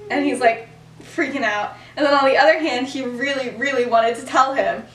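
A woman's voice: high voice, moderate pace. Chatty young woman in a roomy room. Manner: chatty, laughing, full of "like" fillers. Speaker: podcast host. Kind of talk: casual storytelling. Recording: roomy sound from far off.

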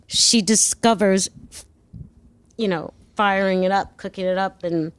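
Blunt, animated New woman. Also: mid-range voice, unhurried, smooth, no echo. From New York. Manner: animated, blunt, profane, acts out dialogue. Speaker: guest. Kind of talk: casual storytelling.

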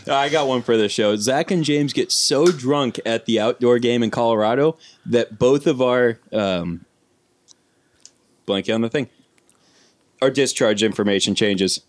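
A man co-hosting a podcast in casual, joking banter with friends. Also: mid-range voice. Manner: joking, quick to laugh. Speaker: podcast co-host.

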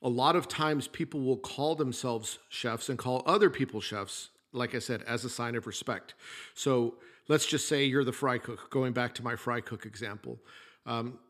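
A man's voice: mid-range voice, moderate pace, fairly bright tone. A middle-aged man and former chef hosting a podcast, talking through a casual monologue in a plainspoken storytelling way with the odd mild curse.

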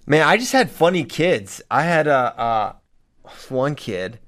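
A man who coaches high school wrestling, telling stories in casual podcast chat and laughing often. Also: measured pace. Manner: animated storyteller, laughs often.

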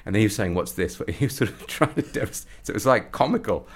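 A man with a very low, deep voice tells a story to an interviewer. He gets animated, his voice rising as he acts out the people in it. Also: fast talker, slightly rough. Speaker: comedy performer and guest. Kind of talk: anecdotal storytelling.

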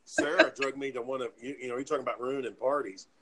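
A man's voice: medium pitch, fast, rough recording. Profane man telling a wild story. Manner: profane, animated retelling with acted-out quotes. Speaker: storyteller among friends. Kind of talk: casual storytelling chat.

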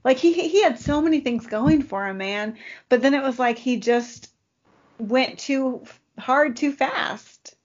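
A woman's voice: sits high, unhurried, highs cut off. Chatty, rambling woman podcast host. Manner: chatty, rambling with many fillers. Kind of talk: casual chat.

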